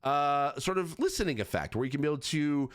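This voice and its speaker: A man's voice: fairly high pitch, animated, brisk. A man giving casual game commentary as a reviewer, rambling with many fillers, restarts and self-corrections. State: has the hiccups. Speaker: gaming accessibility reviewer.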